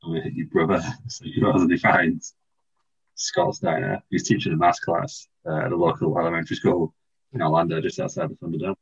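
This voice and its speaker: A man co-hosting a casual podcast, rambling and laughing through a silly story pitch. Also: little pitch movement, a little fast, creaky, husky, lo-fi sound. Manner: rambling, laughing, restarts, puts on silly voices in quotes. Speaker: podcast co-host. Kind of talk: casual comedic chat, pitching a wrestling storyline.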